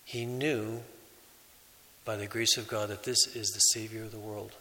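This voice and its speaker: A man preaching a sermon as a priest, in a slow, measured way with pauses. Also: fairly low pitch, flat delivery, pushed and bright, big-room sound, a little hiss or hum, low-quality recording.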